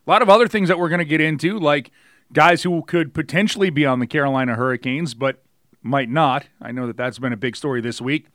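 This is a middle-aged man co-hosting a sports podcast, chatting in a laid-back, jokey and lively way. His voice sits a touch higher than most men's. The sound is close and dry, with no room around it. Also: quick pace, no room sound. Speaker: podcast co-host. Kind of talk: casual sports podcast chat.

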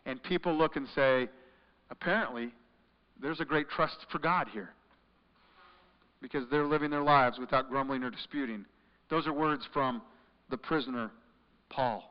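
A man preaching a sermon, reading scripture and urging his listeners, his delivery swinging between loud emphatic lines and quiet questions. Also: medium pitch, normal speed, pauses often. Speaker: pastor. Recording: muffled sound with long reverb in a large hall.

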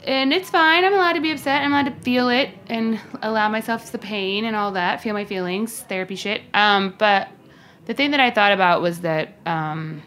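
A woman's voice: medium pitch, moderate pace, fairly bright tone. A young woman from New York co-hosting a podcast, casual, wry and opinionated. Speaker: podcast co-host. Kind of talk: casual chat.

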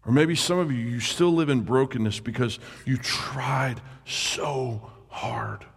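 A man preaching a sermon as a pastor. He draws his words out and lets key lines sink to a near hush. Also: mid-range voice, slightly rough. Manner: slow, drawn-out delivery that sinks to a hush on key words. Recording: reverberant hall.

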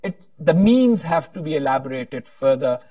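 A man moderating a panel discussion, speaking haltingly with frequent restarts. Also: fairly high pitch, animated, dark tone, no room sound, distant mic. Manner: halting, many restarts, tells a joke with voices.

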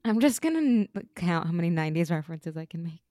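A woman's voice: fairly low pitch, big pitch swings, quick pace, dark tone, dry recording, clean studio sound. A woman co-hosting a podcast in casual chat, making wry, sarcastic quips. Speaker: podcast co-host.

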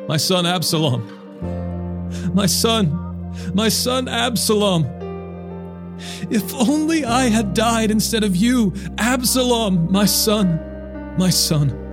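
A grieving old king cries out for his lost son, the voice climbing sharply upward in anguish, as a man reads the part aloud. The delivery is slow and drawn out. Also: sits high, animated, over music, voice pushed up, heavily acted. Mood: grief-stricken.

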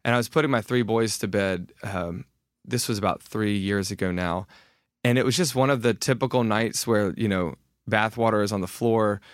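A man's voice: on the low side, moderate pace, no room sound, studio quality. A man in his thirties, a guest author talking candidly and self-deprecatingly in a casual podcast conversation, often restarting his sentences.

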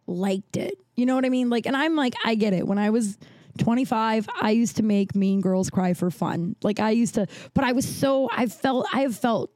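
Mellow-voiced woman telling a candid story. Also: normal speed, no echo. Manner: candid, swears freely, acts out quoted dialogue with big pitch jumps. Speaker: podcast host. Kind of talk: casual storytelling.

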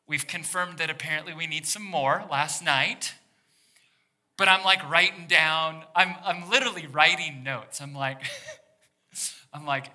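A man preaching a sermon as pastor, animated and talking straight to the congregation, dropping to a hushed near-whisper to stress a point. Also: on the high side, moderate pace. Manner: engages the congregation directly.

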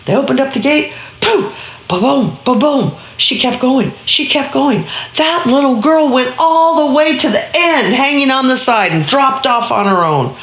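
A woman's voice: sits high, expressive, a little slow, reverberant. A woman telling an improvised story, acting out voices and sound effects. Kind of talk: improvised bedtime story narration.

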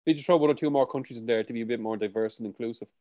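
A man's voice: mid-range voice, racing, darkish tone. A young Irish man co-hosting a podcast in casual, jokey chat, laughing often and swearing freely. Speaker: podcast co-host.

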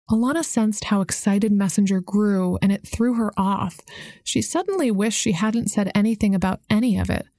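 A woman reading a story aloud as an audiobook narrator, in steady storytelling narration. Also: medium pitch, moderate pace, no room sound, clean studio sound. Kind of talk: scripted narration.

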